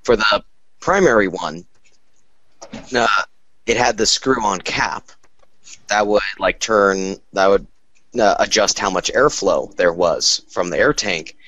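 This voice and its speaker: A low-voiced man in casual chat, rambling along and stopping for fillers. The voice is close and dry with no room sound. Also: takes it slowly, pauses often, fairly bright tone, no room sound, highs cut off.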